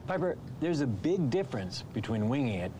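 A man's voice: mid-range voice, very animated, fairly quick, noisy background, natural voice. An actor playing a man coaching someone to improvise, in a film clip. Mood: wry.

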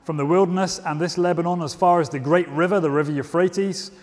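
Guy preaching a sermon, kinda higher voice, casual and self-mocking, lots of reverb from the church. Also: steady tone, brisk, a little mellow. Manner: informal, self-deprecating, with restarts and asides. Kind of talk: sermon with scripture reading. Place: church service. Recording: long reverb of a church hall.

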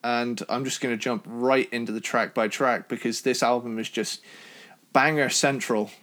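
A man from Cornwall with a British accent, co-hosting a casual album review chat in an enthusiastic, talkative way. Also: moderate pace. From Cornwall, England. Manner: enthusiastic, chatty, jumps in pitch when excited. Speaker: podcast co-host reviewing albums.

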